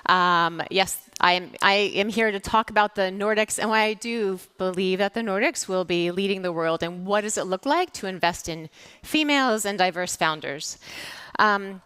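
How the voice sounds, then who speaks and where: A woman's voice: mid-range voice, normal speed, bright, forceful tone, clean tone. An American woman from the United States giving a conference talk on stage, chatty and anecdotal, with plenty of fillers and restarts. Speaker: keynote speaker. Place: stage at a summit.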